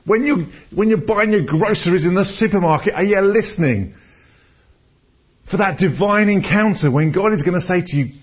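A man's voice: high voice, lively intonation, fairly quick, breathy edge. A man preaching a conversational sermon, telling personal stories and often restarting his words. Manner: conversational, storytelling, repeats words when restarting. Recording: dull lo-fi recording.

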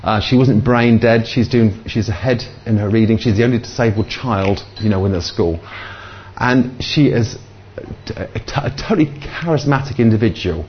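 An older man, preaching a sermon and telling stories in a halting way, with many fillers. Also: on the low side, muffled recording, a little hiss or hum. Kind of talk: sermon with storytelling.

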